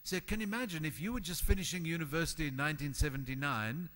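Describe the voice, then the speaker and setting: A man giving a motivational conference talk to an audience in a hall, animated and emphatic, acting out the voices of the people he quotes. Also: fairly high pitch, fast talker. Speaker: conference keynote speaker.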